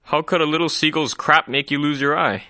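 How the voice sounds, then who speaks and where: A curious, puzzled male bartender in a spoken joke, put on by a man, pitched above his usual voice. His tone is bright and the sound is dry and close. He asks each question with a lift. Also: a little fast, no room sound. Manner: questioning, raised voice.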